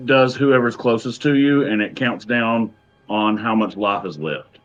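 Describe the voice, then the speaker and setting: A man running a tabletop game as game master, talking in a hesitant way with many fillers and pauses. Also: fairly low pitch, faint music behind. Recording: dull lo-fi recording.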